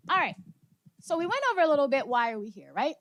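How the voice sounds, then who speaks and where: A woman's voice: high voice, fast. A woman giving an interactive motivational workshop talk to a live audience, moving among them and asking questions, a little out of breath. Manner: energetic, engages audience with questions and laughs. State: slightly out of breath. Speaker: speaker leading a workshop session. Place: conference room with live audience.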